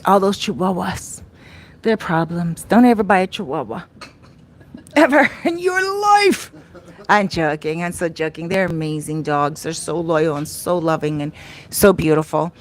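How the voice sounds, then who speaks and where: Outdoors in the Dominican Republic, a woman who works as a life coach hosts a casual livestream. Her voice is fairly low, expressive and a little slow. She chats affectionately and effusively, reading viewer comments aloud.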